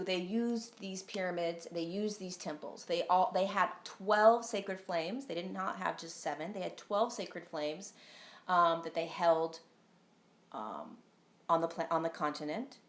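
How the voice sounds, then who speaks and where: A woman's voice: lowish voice, measured pace, fairly bright tone, roomy sound. A woman talking casually on a live stream as a spiritual teacher, earnest and rambling, with frequent ums and tag questions. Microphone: phone.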